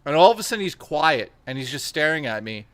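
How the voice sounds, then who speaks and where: A man with a bright, forceful voice that sits a little high for a man, telling long, profane stories on a stream. He rambles from one anecdote to the next and acts out what each person said. The sound is dry and close, with no room around it. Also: big pitch swings, fast talker, no room sound. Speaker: stream host. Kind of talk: casual storytelling chat.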